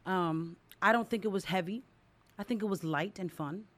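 A woman co-hosting a podcast, chatting casually with a relaxed manner. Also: mid-range voice, normal speed. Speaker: podcast co-host. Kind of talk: casual chat.

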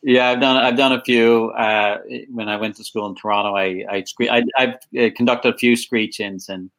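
Guest, man, relaxed storyteller, mid pitch, restarts sentences. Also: poor audio. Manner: unhurried, repeats words when starting sentences. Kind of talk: casual interview chat.

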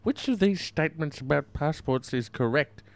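A man hosting a comedy show in a mock-formal radio patter. His voice sits at a middling pitch, but it swoops widely as he plays along. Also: expressive, normal speed, gravelly. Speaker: comedy podcast co-host. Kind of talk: improvised comedy banter.

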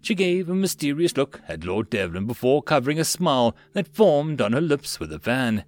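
Lively male audiobook narrator. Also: mid-range voice, normal speed. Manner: expressive, storytelling. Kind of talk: scripted narration.

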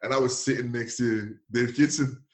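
A lively man with as his spins football stories in a casual interview. He laughs often, slips into voices for the people he quotes, and his pitch sits in an ordinary middle range. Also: normal speed. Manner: animated, laughing often, acting out others' voices. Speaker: former footballer guest.

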